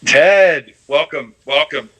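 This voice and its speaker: A man hosting an online panel, halting and repeating words as he hands over to guests. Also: fairly high pitch, pushed and bright, husky, low-quality recording. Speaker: host.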